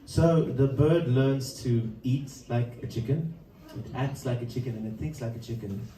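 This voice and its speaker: A man's voice: medium pitch, moderate pace, a crowd in the background. A man telling a story between songs at a live performance, speaking loosely and chuckling often. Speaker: musician introducing a song. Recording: roomy live sound from a distance.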